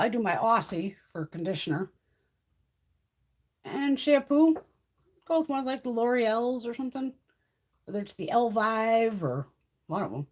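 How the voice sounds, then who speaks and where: A woman hosting a casual beauty livestream with a slightly husky voice, swearing freely as she chats. Her pitch rises and falls a lot, and she coaxes her cat in a high sing-song voice.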